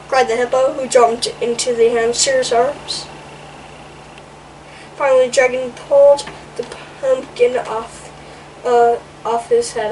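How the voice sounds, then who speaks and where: A woman's voice: on the high side, steady tone, measured pace, darkish tone, distant mic, a little hiss or hum, low-quality recording. A woman reading a children's picture book aloud in a playful way, adding little comments between pages.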